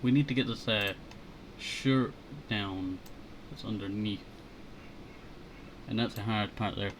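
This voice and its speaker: A man's voice: takes it slowly, long pauses. Man, casual stream chat, thinking aloud, headset mic, faint background hum. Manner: thinking aloud, low-key muttering. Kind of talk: casual chat while drawing.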